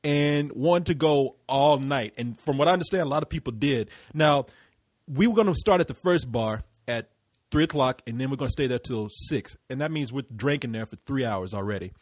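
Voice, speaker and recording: A man's voice: medium pitch, normal speed, no room sound, clean studio sound. A young man from Texas, co-hosting a casual podcast, rambling through a profane, laugh-filled anecdote. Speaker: podcast co-host. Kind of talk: casual chat.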